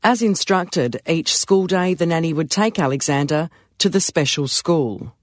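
A man narrating a story in a calm, measured way. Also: fairly high pitch, dry recording, clean studio sound.

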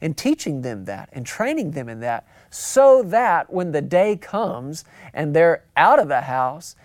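A man's voice: fairly high pitch, very animated, unhurried, no room sound, clean studio sound. A man preaching a sermon, talking conversationally, repeating phrases for emphasis and acting out quotes. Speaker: pastor.

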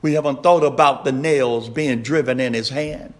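A man preaching a sermon, slow and emphatic, repeating his refrains and rising to shouts. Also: mid-range voice.

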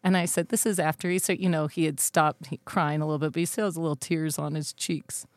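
A woman's voice: deep voice, steady tone, a little fast, no room sound. A woman in her thirties co-hosting a faith podcast, chatting casually and telling family stories with frequent laughter. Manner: chatty storyteller, laughs often. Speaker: podcast co-host. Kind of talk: casual chat.

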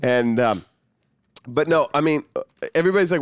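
A man's voice: on the high side, animated, normal speed, clear, resonant tone, no echo. A man who is a stand-up comedian, telling profane stories in a casual podcast chat and laughing often. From Croatian heritage.

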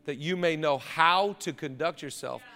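A man's voice: a little high, normal speed, bright, forceful tone. A male pastor preaching a sermon in a conversational, emphatic way, with repeated phrases, recorded in a large church auditorium. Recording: long reverb of a big hall.

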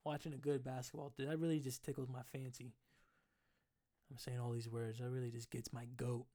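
A man's voice: medium pitch, level tone, brisk, warm tone, no echo. Profane, rambling young-sounding man, dry close mic. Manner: loose, profane, rambling, jokey. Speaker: podcast host. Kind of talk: casual sports chat.

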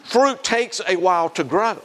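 Preaching unhurriedly in a voice that sits high, a Southern-accented man from South Carolina delivers a lively sermon. He poses questions to the congregation and impersonates the people he quotes.

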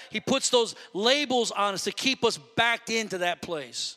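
A man preaching a sermon in a church, animated and rising to near shouts at his peaks. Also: sits high, a little slow, few pauses, big-room sound, faint music behind. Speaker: pastor. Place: church sanctuary.

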